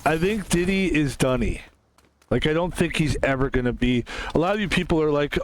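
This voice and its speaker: A man's voice: a little high, fairly quick, a little hiss or hum. A man from the United States rambling casually while streaming a game, often trailing off, restarting and laughing.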